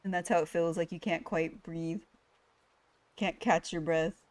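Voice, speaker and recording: A woman's voice: fairly low pitch, measured pace. A young woman streamer reading a visual novel game aloud, voicing its story with feeling and chatting between lines. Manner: expressive, voicing the inner monologue with rising panic.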